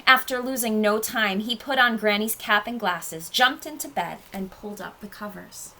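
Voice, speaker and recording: A nursery school teacher, a woman, reading a storybook aloud to young children with expressive, sing-song storytelling. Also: medium pitch, normal speed, poor audio.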